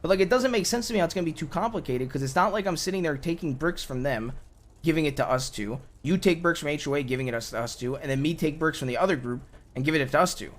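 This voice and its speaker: A man's voice: fairly high pitch, quick pace, natural voice. A man voicing an exasperated young man in an improvised game roleplay, pleading with his partner and tripping over his own restarts. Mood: frustrated. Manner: pleading, repeats himself, stumbles over restarts. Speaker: roleplay character.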